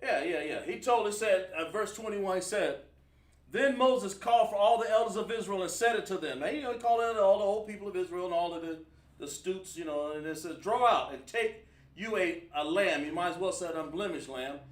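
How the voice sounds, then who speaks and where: A man's voice: high-pitched, brisk. A man teaching a livestreamed scripture class, emphatic and quizzing his online audience. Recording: roomy sound from a distant mic.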